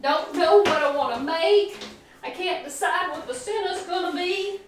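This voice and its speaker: A woman's voice: extremely high pitch, moderate pace, roomy sound, recorded from a distance, background noise. A woman voicing a fretful female butternut squash who confides her worries in a gossipy way. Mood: fretting.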